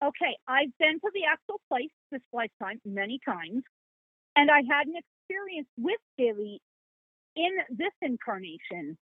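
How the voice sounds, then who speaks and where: A high-voiced woman, a psychic appearing as a guest on a podcast, tells a story in a lively, folksy style, quoting the people in it and laughing along. Her voice has a breathy edge and moves at a moderate pace. The sound is dry and thin, like a phone line, with no echo.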